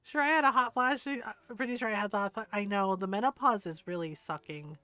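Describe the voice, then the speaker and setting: A middle-aged woman chats casually on a game stream. She rambles from thought to thought and breaks into giggles often. Her voice sits at an ordinary pitch, with faint music playing softly behind her. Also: fairly quick, no echo. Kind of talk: casual livestream chat.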